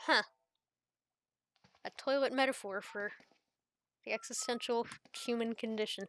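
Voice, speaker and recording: A woman's voice: on the high side, takes it slowly, long pauses, fairly bright tone, faint music behind. A woman giving casual, playful gameplay commentary as a let's play host, giggling and making joking asides.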